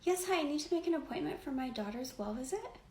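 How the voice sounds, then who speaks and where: A man's voice: very high voice, expressive, quick pace, a little mellow, roomy sound, voice pushed up. A man voicing a sweet-talking young mother in a comedy skit. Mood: businesslike.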